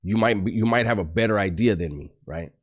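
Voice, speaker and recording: A man's voice: fairly low pitch, fast. A man telling a story from his past in a casual, blunt, streetwise way. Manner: blunt, profane, streetwise, acts out quotes.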